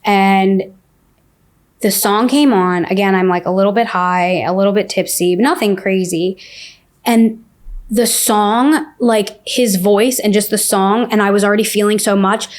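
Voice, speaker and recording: Woman, podcast guest, mid-pitched, casual and candid storyteller with lots of "like.". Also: fairly even intonation, unhurried. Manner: candid, says "like" often.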